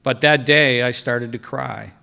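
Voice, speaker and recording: A middle-aged man giving a personal faith testimony at a breakfast event, telling his story and dropping quiet for quoted lines. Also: mid-range voice, measured pace, creaky, clean tone. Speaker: guest speaker sharing testimony. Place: banquet hall at a breakfast event.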